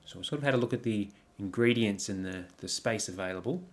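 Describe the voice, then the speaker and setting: A man with a fairly low voice gives a coaching presentation over slides. He talks reflectively, putting question after question to the listener and pausing on frequent ums and restarts. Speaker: life coach.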